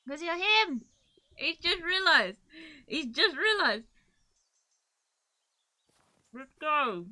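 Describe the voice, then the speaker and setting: A woman's voice: high voice, sing-song, extremely slow, pushed and bright. A woman with a Cornish accent, chatting casually on a gaming live stream, giggling often and rambling.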